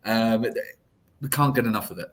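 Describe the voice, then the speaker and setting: A man with a lowish voice speaks fairly quickly as a podcast guest. He's the deputy editor of a football site, and he answers earnestly and reflectively, often restarting phrases and padding them with "sort of."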